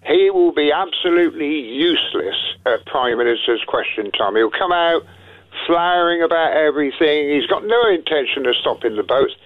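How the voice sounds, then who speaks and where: A man calls a radio show over a tinny, dry phone line, sounding agitated and insistent. His voice sits a little high. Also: lively intonation, moderate pace, no room sound. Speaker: caller.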